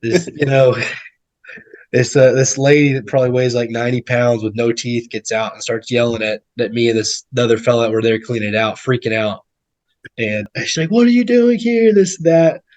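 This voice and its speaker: A man's voice: medium pitch, little pitch movement, normal speed. A male guest, a real estate investor, telling stories casually and rambling, repeating words and acting out what people said. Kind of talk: casual storytelling.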